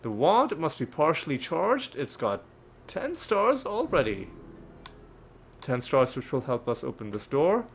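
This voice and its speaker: A man's voice: on the high side, very animated, unhurried, slight background noise. A man playing a video game and chatting casually about it, often laughing and restarting words. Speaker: gaming channel host.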